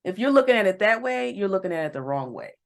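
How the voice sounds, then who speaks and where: Woman co-hosting a relationship podcast. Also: fast talker. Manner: animated, acts out quotes in a higher voice. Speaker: podcast co-host. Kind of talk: casual relationship chat.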